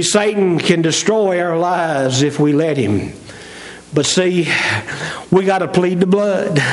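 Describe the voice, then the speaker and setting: A middle-aged man preaching a sermon in a folksy way, stretching out key words and then rushing through asides. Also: high-pitched, low-quality recording. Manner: folksy, swings from slow drawn-out emphasis to quick asides.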